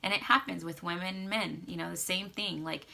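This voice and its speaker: A woman's voice: on the low side, fairly even intonation, brisk, gravelly, pushed and bright. A young adult woman vlogging casual marriage advice, chatty with many fillers, acting out little quotes. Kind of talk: casual advice talk to camera.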